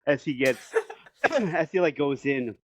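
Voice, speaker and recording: A man co-hosting a podcast, retelling an anime episode in an animated way and laughing often. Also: a little high, takes it slowly, slightly rough. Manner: animated storytelling with frequent laughs. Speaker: podcast co-host. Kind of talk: casual episode recap. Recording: dull dry lo-fi sound.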